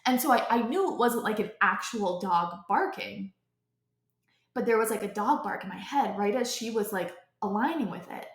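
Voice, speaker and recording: A young woman talks off the cuff as a podcast host, her voice sitting at an ordinary middle pitch. She rambles, stacking filler "likes" and restarting her sentences. The room around her rings with noticeable echo. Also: expressive, moderate pace. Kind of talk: off-the-cuff personal storytelling. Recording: echoey room.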